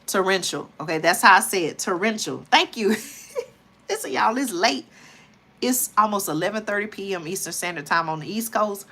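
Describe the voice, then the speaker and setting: A woman's voice: medium pitch, a little fast, pushed and bright. A woman hosting a late-night livestream, tired and chatty, often talking to viewers as y'all. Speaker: livestream host. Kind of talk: casual livestream talk.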